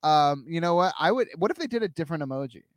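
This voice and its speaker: A man co-hosting a comedy podcast, firing off quick ironic quips and mock outrage in casual chat. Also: fairly high pitch, animated, no echo, studio quality. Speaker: podcast co-host.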